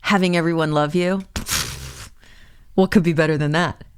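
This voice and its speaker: Lively woman telling a story. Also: low-pitched, moderate pace, smooth. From Boston area, USA. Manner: animated storyteller, acts out quotes, laughs often. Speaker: guest, improv and clown performer. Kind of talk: casual storytelling interview.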